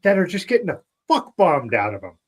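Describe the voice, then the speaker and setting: Male podcast co-host, casual chat, slightly high and very lively pitch, giggly and prone to tangents. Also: a little fast. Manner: animated, laughing, wanders onto tangents.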